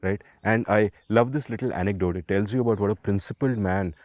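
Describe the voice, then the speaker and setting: A podcast co-host, a man with a fairly low voice. He tells stories in a lively, emphatic way and swears now and then to drive a point home. The sound is dry and close to the mic. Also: a little fast, no room sound. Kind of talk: casual conversational storytelling.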